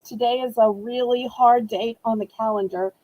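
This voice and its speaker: A woman's voice: fairly even intonation, normal speed, lo-fi sound. A woman hosting a live-stream auction from home, talking to viewers on a webcam, fighting back her emotions before she goes back to cheerful selling. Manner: emotional, holding back tears, then cheerful product pitching.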